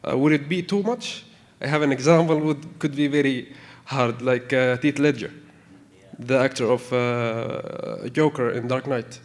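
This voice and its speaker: A man's voice: mid-range voice, unhurried. A man from the audience puts a question to the panel in hesitant English and often stops to search for words. His voice sits in a middle register. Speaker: audience member asking a question. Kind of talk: question from the floor.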